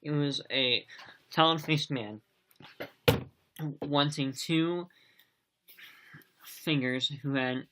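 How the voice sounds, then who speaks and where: A man's voice: fairly high pitch, steady tone, very slow, pauses often, heavy background noise. A man reading a novel aloud as an amateur audiobook reader, in a plain delivery that sometimes stumbles over words.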